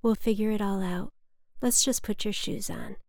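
A woman voicing a calm, practical female paramedic who speaks reassuringly. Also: mid-range voice, moderate pace, creaky, dry recording, clean studio sound, lightly acted.

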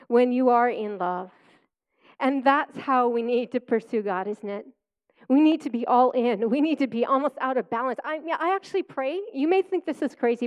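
A woman preacher who sounds middle-aged delivers her personal testimony sermon from the pulpit in a bright, high, smooth voice, captured with lo-fi sound. She tells it chattily, like a story, with frequent laughter.

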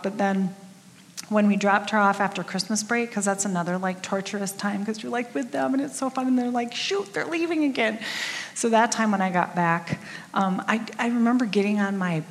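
A middle-aged woman giving a conversational sermon as a church speaker, candid and self-deprecating, with lots of casual fillers. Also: mid-range voice. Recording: long reverb of a large hall.

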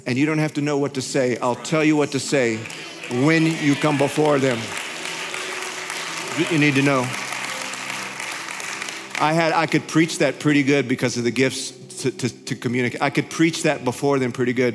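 A male pastor telling a story in his sermon, animated, his voice climbing high when he gets excited. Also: moderate pace, a faint crowd. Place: large church hall. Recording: hall reverb with faint music.

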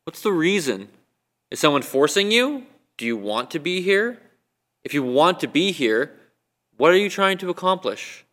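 Bright-voiced man preaching with many questions. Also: a little high, very animated, normal speed. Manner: conversational, asks the listeners many questions. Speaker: guest preacher. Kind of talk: sermon. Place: church, recorded for online viewing.

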